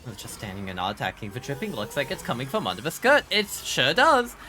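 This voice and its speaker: A man's voice: medium pitch, sing-song, racing, pushed and bright, faint music behind. A man streaming a horror game live, joking with chat and reacting aloud as he plays. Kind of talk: live gameplay commentary.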